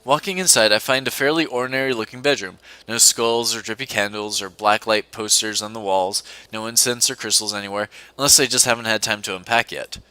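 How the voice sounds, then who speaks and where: Young male host, bright voice, playful read-aloud over desk mic, dry sound. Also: fairly low pitch, a little fast, few pauses, clean tone, no room sound. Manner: playful, giggly, reads aloud with asides. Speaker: let's-play host reading a visual novel. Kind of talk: casual co-op game commentary and read-aloud. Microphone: desk mic at a computer.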